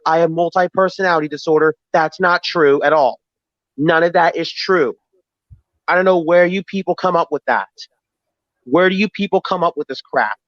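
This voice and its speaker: A man's voice: fairly high pitch, normal speed, no room sound. A man arguing on a live stream, defensive and repeating himself as he explains his feelings. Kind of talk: heated live-stream argument. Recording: dry, dull lo-fi stream audio.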